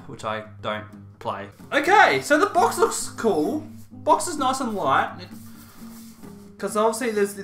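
A man's voice: high-pitched, bright, forceful tone. A young man chatting casually through an unboxing, with playful, self-mocking asides. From Australia. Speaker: YouTuber. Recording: roomy echo, faint music.

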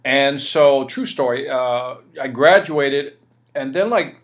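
Man, forties, interview guest, animated storytelling, lively pitch, keeps checking in with the listener. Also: slow pace. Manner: animated, energetic storyteller peppering "right?" and "you know". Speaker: interview guest, sales speaker.

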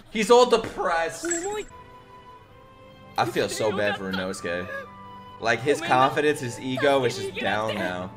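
A man streaming his reaction to an anime, excitable and profane, laughing and shouting at the screen. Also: fairly high pitch, moderate pace. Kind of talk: casual reaction commentary. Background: anime soundtrack music playing.

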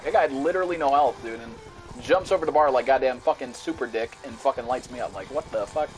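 A young man streaming a shooter game, ranting and cursing at the lag and at enemies, yelling now and then. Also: medium pitch, fast. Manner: profane, frustrated, rants and yells at the game. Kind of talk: live gameplay commentary. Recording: music playing behind the voice.

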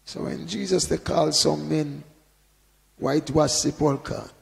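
A man preaching informally, with a strongly gravelly, creaky voice pitched a little above the usual. He talks conversationally, often adding "you know", then bursts into loud emphasis. A long reverb from the hall trails after his words. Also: unhurried. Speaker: Bible teacher. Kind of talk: informal sermon.

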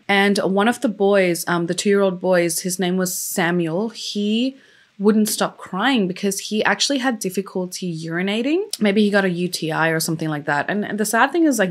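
Young woman, casual storyteller, low-ish voice, chatty and emotional with lots of fillers. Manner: chatty, loose, many fillers; openly emotional about the story. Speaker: true crime YouTuber.

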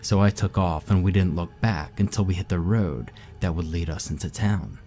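A man with a deep, mellow voice reads a scary first-person tale. His delivery is steady and somber, keeping a slow, even hold on the listener. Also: faint music behind. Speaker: narrator. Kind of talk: horror story narration.

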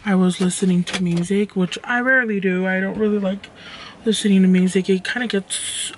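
A woman's voice: medium pitch, fairly even intonation, a little fast. A young woman talking casually to her camera while driving, rambling and frank. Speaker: vlogger. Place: inside a car. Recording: loud car noise.

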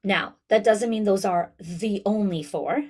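A woman coaching school leaders in an online town hall, talking directly and lively to her audience. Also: mid-range voice, unhurried. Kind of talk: webinar talk.

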